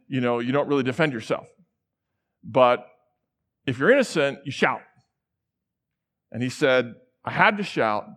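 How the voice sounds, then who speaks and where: This middle-aged man from the central United States preaches in a large church, his medium-pitched voice slightly bright. He tells personal stories conversationally and acts out the voices of people he quotes.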